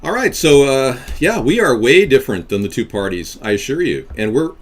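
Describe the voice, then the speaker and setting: A man's voice: medium pitch, sing-song, moderate pace. A man hosting a political livestream in a casual, rambling way, with frequent restarts.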